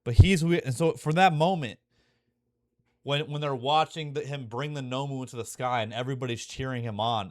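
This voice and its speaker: A man's voice: mid-range voice, no room sound, studio quality. A young man talking casually and profanely, full of fillers and restarts, growing emotional and intense as he goes. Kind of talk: casual rambling monologue.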